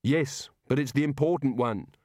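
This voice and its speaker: Cowardly male wizard, high, whiny and defiant, voiced by a man; dry booth sound. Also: moderate pace, darkish tone, no room sound, lightly acted. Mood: indignant.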